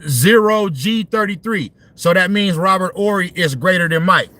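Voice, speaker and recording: A fired-up man with a high-set voice tears into a basketball topic in a profane, slang-heavy rant. He circles back, repeats himself and restarts mid-thought as he works up his point. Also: lively intonation, moderate pace, pushed and bright. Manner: heated, profane, repetitive and slangy with many restarts. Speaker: sports commentary vlogger.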